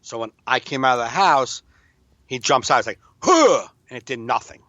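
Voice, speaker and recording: Middle-aged guy telling a story, lively, laughs easy, bright tense voice, dry close mic. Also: mid-range voice, dry recording, highs cut off. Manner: animated storyteller, quick to laugh. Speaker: podcast co-host. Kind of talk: casual chat.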